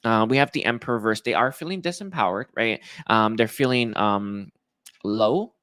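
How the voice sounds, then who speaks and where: Emotional, halting man reading tarot. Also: fairly low pitch, fairly bright tone, no echo. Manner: emotional, halting, many fillers. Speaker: tarot reader.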